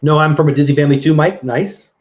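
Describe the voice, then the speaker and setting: A man's voice: a little high, steady tone, quick pace. Chatty man hosting a livestream. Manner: chatty, reads viewer comments aloud, laughs easily. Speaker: livestream host reading chat. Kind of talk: casual live chat. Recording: dull lo-fi stream audio.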